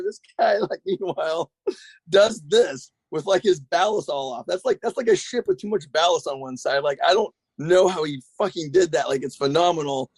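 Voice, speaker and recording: A man, a guest skateboarder, telling a long story in a rambling, profane, animated way. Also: a little high, normal speed, breathy edge, no room sound. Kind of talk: casual storytelling.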